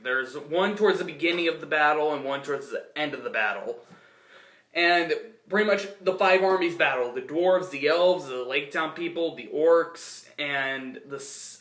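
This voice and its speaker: Bright-voiced young man in an echoey room. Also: a little high. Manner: rambling, full of restarts and fillers. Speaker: film reviewer. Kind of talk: casual spoken film review.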